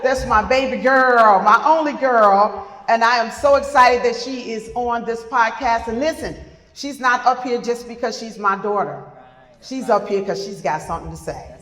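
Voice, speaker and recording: A woman's voice: a little high, moderate pace, fairly bright tone. A middle-aged woman hosting a live podcast panel, introducing guests with effusive, repeated words of praise. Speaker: podcast host. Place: retreat event room with live audience. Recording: roomy hall with long reverb.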